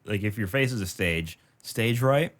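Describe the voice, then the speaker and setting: Male comedian from Michigan, podcast guest, rambling jokey riffs, lower voice. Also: animated, moderate pace. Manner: rambling, joking, swears. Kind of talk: casual chat.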